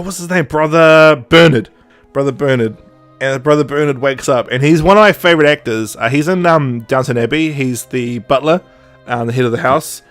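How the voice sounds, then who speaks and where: A man hosting a podcast, retelling a story in casual chat and acting out the quoted lines. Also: mid-range voice. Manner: chatty, animated, acts out quoted dialogue with laughs. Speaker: podcast host.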